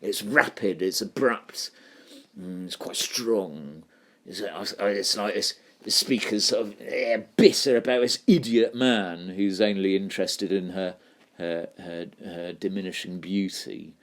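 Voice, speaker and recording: A man's voice: sits low, a little slow. A man teaching a poetry lesson, thinking aloud and putting questions to his students. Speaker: English literature teacher.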